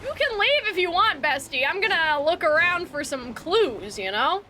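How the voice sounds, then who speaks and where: A young woman streaming a video game, who rambles excitedly, screams a lot, and peppers her talk with like and bestie. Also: very high-pitched, moderate pace, a little hiss or hum. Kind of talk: casual live gameplay commentary. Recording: home streaming mic with game music playing.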